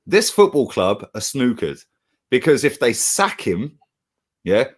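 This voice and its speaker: A man's voice: medium pitch, sing-song, measured pace. A young man, co-hosting a casual football chat in a heated, slangy way with plenty of swearing. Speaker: football fan channel co-host.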